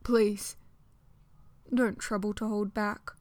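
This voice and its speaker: A woman voicing a refined, wry gentleman in a storybook reading, with elegant, precise phrasing. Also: medium pitch, little pitch movement, slow pace, dry recording, natural voice. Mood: flirtatious. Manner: elegant, precise, slightly sardonic.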